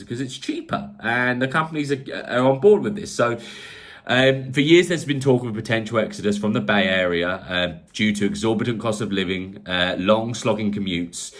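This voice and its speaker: A man from England chatting on a tech podcast in a low voice. He rambles easily, stacking fillers and restarting his sentences as he goes. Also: lively intonation, fairly quick, fairly bright tone. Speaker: podcast co-host. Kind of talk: casual tech podcast chat.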